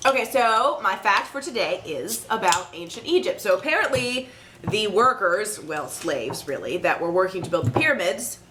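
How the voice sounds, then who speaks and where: A woman's voice: medium pitch, very animated, normal speed, noisy background. A woman co-hosting a casual beer review show with her husband, playful and teasing in how she talks. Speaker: co-host. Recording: echoey room with faint ambience.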